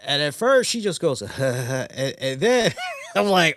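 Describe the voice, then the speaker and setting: A man's voice: fairly high pitch, sing-song, moderate pace, a bit bright, no echo, clean studio sound. A man co-hosting a live-stream talk show, telling stories casually and animatedly with some swearing. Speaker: podcast co-host.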